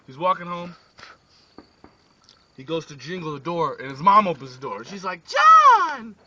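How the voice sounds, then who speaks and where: A man telling a rambling joke story in a casual, animated way, often checking in with "right?". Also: on the high side, normal speed, heavy background noise. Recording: distant lo-fi phone video with crickets.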